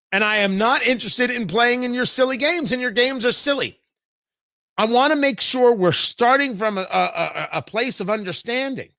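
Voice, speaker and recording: A man's voice: sits high, sharp tone, no room sound, studio quality. A man hosting a political talk show, talking in a combative, emphatic way.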